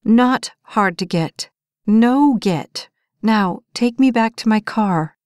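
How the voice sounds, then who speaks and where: A woman's voice: on the high side, expressive, takes it slowly, no echo, studio quality. A woman reading an audiobook, voicing a tired young woman who answers her pushy date firmly and sharply. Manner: firm and sharp, rising when pushed.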